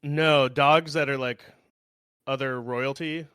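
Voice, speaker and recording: Man, podcast co-host, bright forceful tone, dry close sound, laid-back hesitant recap. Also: mid-range voice, steady tone, slow, smooth, no echo. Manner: laid-back, hesitant, trailing into "I don't know". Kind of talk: casual movie recap chat.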